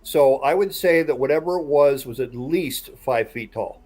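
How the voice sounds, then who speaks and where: A man's voice: mid-range voice, moderate pace, a little mellow. Man telling a story on a podcast. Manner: builds suspense while recounting a tale. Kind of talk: casual storytelling chat.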